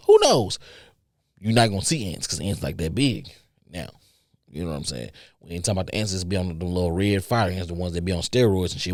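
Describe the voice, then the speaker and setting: A man's voice: low voice, no echo, clean studio sound. A man hosting a podcast, telling a story in casual chat that rambles and repeats, with stutters, restarts and free swearing. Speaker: podcast host.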